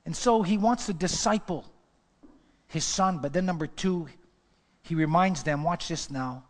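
A man's voice: on the high side, measured pace, big-room sound. A man pastor preaching a sermon with emphatic repetition, sometimes dropping to a whisper. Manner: emphatic preaching, repeats phrases, drops to whispers.

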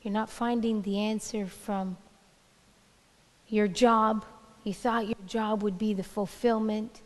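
A woman pastor preaching a sermon, building through slow, emphatic repeated questions. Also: mid-range voice, steady tone, big-room sound.

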